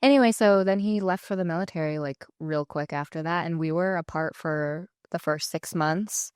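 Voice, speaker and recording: A young woman co-hosting a faith podcast, telling stories in a chatty, animated way and acting out quoted voices. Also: lowish voice, normal speed, smooth, no room sound, studio quality. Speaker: podcast co-host. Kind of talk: casual faith conversation.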